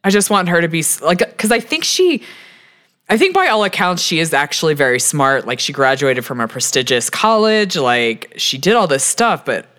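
A woman's voice: deep voice, expressive, normal speed, a bit bright. A woman co-hosting a podcast, chatting bluntly and casually about reality TV and swearing freely. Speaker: podcast co-host.

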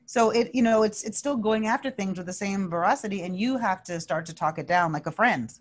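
A woman's voice: mid-range voice, a little fast. Earnest, restless-talking woman guest. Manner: energetic, earnest, with frequent restarts and fillers. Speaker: wellness speaker, guest. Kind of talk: conversational interview.

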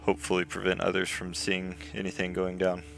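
A man playing a tabletop game, speaking in a measured, wry way. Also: low voice, completely flat delivery, creaky, fairly bright tone, faint music behind. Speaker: player. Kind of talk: casual tabletop play.

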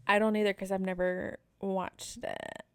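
A woman's voice: medium pitch, wildly swooping pitch, a little slow, creaky, smooth. A woman co-hosting a podcast, recapping episodes in a laid-back, casual chat full of "um" and "like". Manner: laid-back storytelling with frequent "um" and "like".

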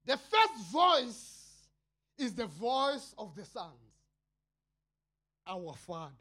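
South African male pastor, slow fiery sermon, cries out then drops to murmurs. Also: very animated. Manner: impassioned, swinging between shouted cries and low murmurs.

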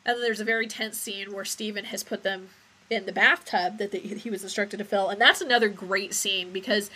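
Woman podcast co-host, bright voice, mid pitch, rambling and casual. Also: steady tone, brisk. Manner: rambling, recounting scenes, swearing. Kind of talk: casual chat.

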